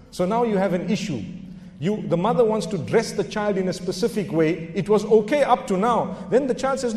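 A man's voice: high-pitched, expressive, brisk, darkish tone. A middle-aged man preaching a religious lecture, emphatic, asking his listeners rhetorical questions and dropping in Arabic phrases. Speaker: Islamic preacher. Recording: echoey hall reverb.

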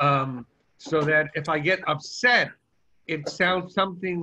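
Older Brooklyn man, bright voice. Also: on the high side, unhurried, dull audio, a little hiss or hum. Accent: Brooklyn New York. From Brooklyn, New York. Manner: storytelling, rambling. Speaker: contest finalist. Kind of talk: video call chat.

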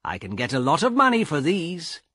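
A man reading an audiobook and voicing a greedy young man who taunts his sister, in a slow, raised voice. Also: a little high, wildly swooping pitch, bright, forceful tone, slightly rough, no room sound, studio quality, voice pushed up, full character voice. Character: greedy mocking young man, cold smile.

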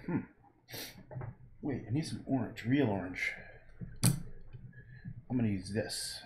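A man's voice: lowish voice, lively intonation, slow, noisy background. Rambling, swearing man painting live. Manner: rambling, swears freely, talks to viewers and himself. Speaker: painter livestreaming. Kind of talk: casual livestream chatter while painting. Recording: echoey room with faint ambience.

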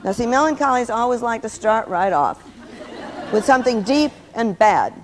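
A woman's voice: fairly high pitch, expressive, normal speed, a faint crowd, slight background noise. An older woman giving an anecdotal teaching talk, telling stories with humor. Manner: storytelling with humor. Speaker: Christian speaker teaching on personality types. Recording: long reverb, old VHS tape.

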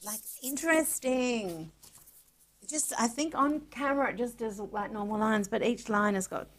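A woman artist chatting casually to camera as she draws and shows her art supplies, excitable and talking to herself, sometimes dropping to a soft whisper. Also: fairly high pitch, moderate pace. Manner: chatty, excitable, talks to herself while drawing. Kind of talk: casual art tutorial chat.

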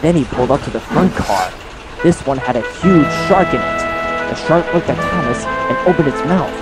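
Guy calmly reading a kids' train storybook, big music playing under him. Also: mid-range voice, moderate pace. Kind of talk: storybook narration.

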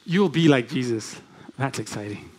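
A man's voice: medium pitch, lively intonation, moderate pace, a little mellow, breathy edge. A man preaching a sermon in a church, speaking conversationally and putting many questions to the congregation. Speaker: guest preacher.

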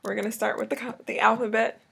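A woman's voice: fairly high pitch, steady tone, quick pace, creaky, a bit bright, slightly rough. A woman from Jamaica with a Jamaican accent, explaining things casually to the camera in a chatty way. She laughs often and trails off mid-sentence. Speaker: vlogger teaching a lesson.

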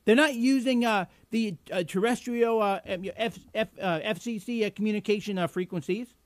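On his live political internet show, a man delivers a commentary rant packed with fillers, restarts, sarcasm and combative indignation. His voice is high, his pace moderate, and there's no echo.

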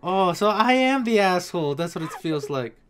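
A reaction video host giving casual commentary, excitable and quick to exclaim and gasp. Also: medium pitch. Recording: clear background music. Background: clear background music.

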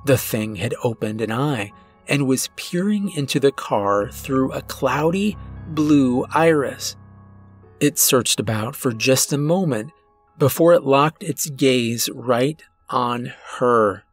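Husky guy narrating creepy horror story, slow and suspenseful, quiet music behind. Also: medium pitch. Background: faint background music.

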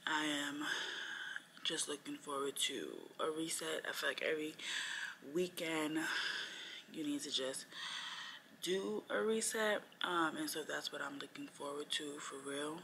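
A young woman chats on camera about her week as a first-year teacher. Her voice sits low yet has a bright, forceful edge. She thinks aloud as she goes, drifting between points with frequent fillers. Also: steady tone, measured pace, a little hiss or hum. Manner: reflective, rambling with frequent fillers. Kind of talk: casual vlog chat.

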